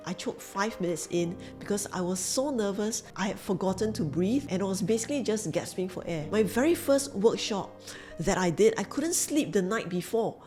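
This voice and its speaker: A woman's voice: medium pitch, darkish tone. A woman with a Singaporean English accent telling her story as a business coach in an earnest, emphatic way, repeating key phrases. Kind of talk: motivational storytelling to camera.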